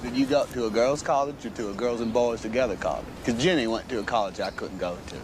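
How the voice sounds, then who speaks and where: Forrest Gump, as an actor plays him, earnest and plain. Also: male voice, medium pitch, noisy background, close to an everyday voice. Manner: slow, plain, earnest storytelling. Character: gentle, simple-hearted grown man telling his life. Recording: film soundtrack with music behind.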